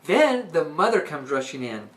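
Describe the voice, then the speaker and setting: A woman's voice: low-pitched, sing-song, moderate pace. Chatty, enthusiastic woman explaining a play. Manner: chatty and enthusiastic, with frequent checks like "okay?". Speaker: book reviewer and teacher. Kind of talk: casual explanatory retelling.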